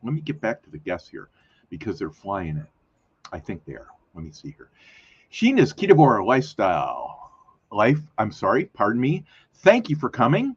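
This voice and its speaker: A man's voice: lowish voice, huge pitch swings, normal speed, breathy edge, highs cut off. A man hosting a casual live stream, chatting in a rambling, self-correcting way with lots of fillers. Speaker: host of a weekly live community show.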